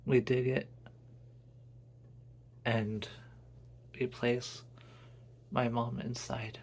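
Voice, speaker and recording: Brief: man narrating his own story, earnest and unhurried, average pitch. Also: level tone, darkish tone, slight background noise. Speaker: author reading his own novel. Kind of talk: dramatic story reading.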